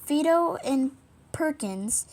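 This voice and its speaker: A woman's voice: high-pitched, expressive, takes it slowly, darkish tone. Apologetic woman reading a storybook aloud. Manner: stumbling, often apologizing. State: hiccups. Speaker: reader.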